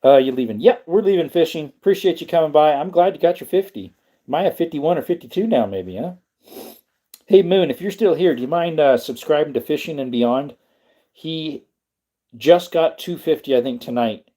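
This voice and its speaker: A man's voice: a little high, animated, normal speed, warm tone. A man hosting a casual livestream, rambling and answering his chat as he talks. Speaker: livestream host.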